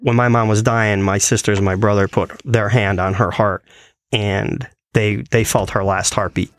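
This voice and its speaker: Man, low voice, conversational storyteller, lively retelling, dry close mic. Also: normal speed, dry recording. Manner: animated, quoting others in his retelling. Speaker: guest telling a personal story. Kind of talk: casual storytelling.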